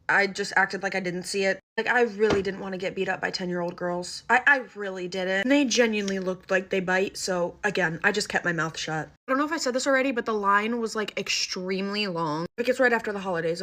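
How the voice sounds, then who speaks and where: A woman telling a casual storytime vlog, animated and gossipy, filling her sentences with "like". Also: medium pitch. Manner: animated and gossipy, heavy use of "like". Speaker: storytime vlogger.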